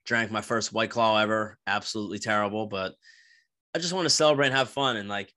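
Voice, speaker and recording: A man's voice: on the low side, fast talker, bright, forceful tone, dry recording. A young man from New Jersey hosting a podcast, telling a rambling, crude story with lots of swearing and restarts. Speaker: podcast host. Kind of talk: casual storytelling monologue.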